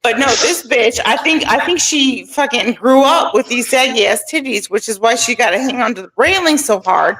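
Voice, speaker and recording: A woman's voice: a little high, animated, normal speed, few pauses, a bit bright, low-quality recording. A woman co-hosting a casual livestream chat, blunt and profane, speaking into a desk microphone while wearing headphones. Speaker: livestream co-host.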